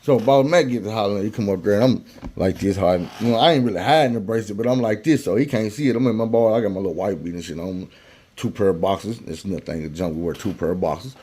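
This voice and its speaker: A man with a fairly low voice spins a personal story in loose, slangy everyday talk. He keeps it conversational and jumps into the voices of the people he quotes. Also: fast talker, dark tone, slightly rough. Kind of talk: casual storytelling.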